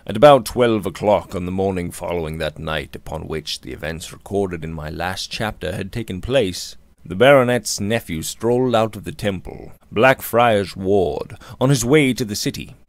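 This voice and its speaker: A man reading a Victorian novel aloud as an audiobook narrator, with expressive, measured storytelling. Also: low-pitched, no room sound. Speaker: audiobook reader.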